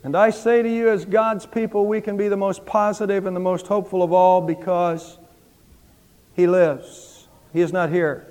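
A man with a high voice preaches an Easter sermon from the pulpit. He builds his lines to fervent emphasis as pastor. The sound rings with the long reverb of a church sanctuary. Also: level tone, normal speed, darkish tone.

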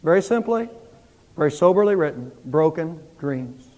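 A man with a high voice preaches an Easter sermon from the pulpit. He builds his lines to fervent emphasis as pastor. The sound rings with the long reverb of a church sanctuary. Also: lively intonation, normal speed, a little mellow.

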